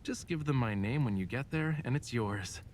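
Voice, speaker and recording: A man voicing a young male professor, heard through a game voice message. He speaks low and a little distant, with faint ambience behind him. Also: lively intonation, moderate pace, darkish tone, slight background noise, natural voice. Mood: caring.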